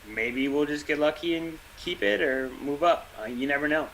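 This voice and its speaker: Chatty guy with a bright voice. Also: on the high side, moderate pace, gravelly, slight background noise, poor audio. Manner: rambling, chatty, dry jokes. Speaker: podcast co-host. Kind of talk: casual chat.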